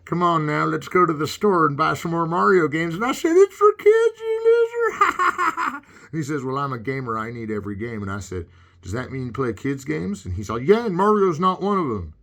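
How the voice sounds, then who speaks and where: A man's voice: fairly high pitch, very animated, normal speed, a bit bright, pitched above the performer's own voice. A man playing a stoned, rambling male cartoon critic in improvised comedy commentary over gameplay.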